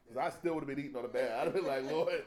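A man's voice: medium pitch, racing. A man preaching a humorous, conversational sermon full of folksy slang and laughter. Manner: animated, jokey, laughs often, folksy slang.

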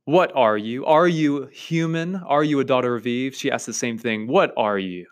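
A man's voice: medium pitch, normal speed. A man hosting a literature podcast, emphatically lecturing on a novel chapter in repeated lists. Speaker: podcast host teaching literature. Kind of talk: reading and analysing a novel chapter.

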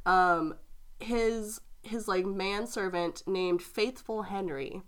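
A woman at a middle pitch, casually retelling a fairy tale to a friend. She giggles often and tells the story with animated energy. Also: slow, clean tone.

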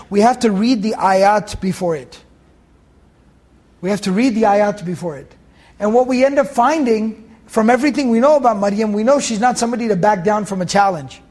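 A man's voice: very high-pitched, darkish tone. A man giving a Quran commentary lesson, explaining Arabic words and repeating key phrases for his students. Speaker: Quran teacher.

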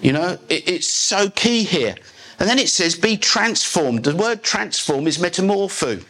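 A man's voice: sits high, expressive, measured pace, fairly bright tone. A man preaching a live sermon in a church service, as the pastor, with emphatic, declarative delivery.

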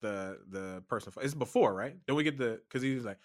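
A man's voice: mid-range voice, brisk, no echo, clean studio sound. A man co-hosting a podcast, talking about a favorite movie in an enthusiastic, profane way. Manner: enthusiastic, profane, laughs a lot. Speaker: podcast co-host. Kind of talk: casual chat about a movie.

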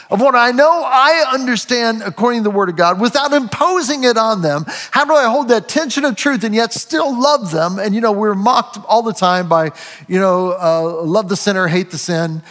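A man preaching a sermon, earnest and halting, often restarting and quoting scripture aloud. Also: high voice, a bit bright, in a large hall. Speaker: pastor.

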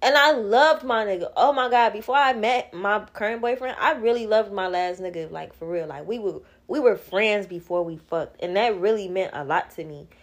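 A woman's voice: mid-range voice, moderate pace, hardly any pauses. A woman, hosting her own podcast in a blunt, candid casual monologue, laughing often and swearing freely. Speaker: podcast host.

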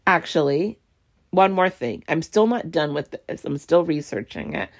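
Woman podcast host with a low voice and a heated, profane ranting manner. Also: animated, normal speed, creaky. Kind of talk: solo podcast rant.

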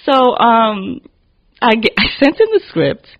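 A woman hosting a casual podcast chat, telling animated stories and acting out what people said, often laughing. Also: fairly high pitch, a little slow, highs cut off. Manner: animated storytelling, acts out quotes, laughs often. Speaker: podcast host.

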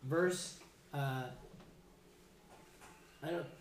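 Speaking at a fairly high pitch and extremely slowly, a man leads an informal Bible study class. He's casual and chatty, frequently restarting sentences, in an echoey room with faint background noise.

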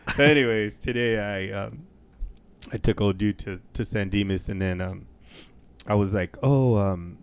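A man co-hosting a casual podcast, telling profane, animated stories and acting out the voices of the people in them. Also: on the low side, normal speed, smooth. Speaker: podcast co-host. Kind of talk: casual storytelling chat.

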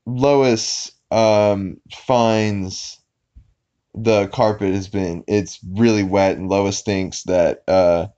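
A man with a lowish voice talks through a cartoon episode in a loose, rambling way, full of "uh" and "um" and quick restarts. He slips into brief silly voices when quoting characters. The audio sounds dull and lo-fi. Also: steady tone, dark tone, clean tone. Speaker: podcast host. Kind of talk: casual episode recap.

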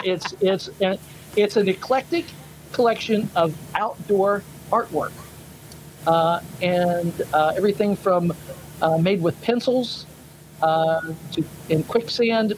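A man's voice: high-pitched, slight background noise, poor audio. A man co-hosting a casual chat show, rambling and hesitant with many fillers. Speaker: podcast co-host.

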